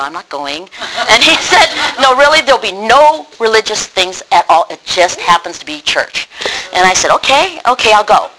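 A middle-aged woman from Wisconsin telling a personal testimony, lively and acting out remembered dialogue. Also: fairly low pitch, slight background noise, poor audio. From Wisconsin, USA. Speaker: speaker giving a personal testimony. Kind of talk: personal storytelling.

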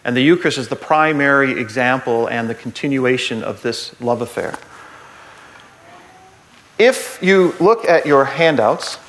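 A man giving a humorous Catholic talk to a group, an animated storyteller who uses jokey asides and builds to earnest points. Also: medium pitch, measured pace, slight background noise.

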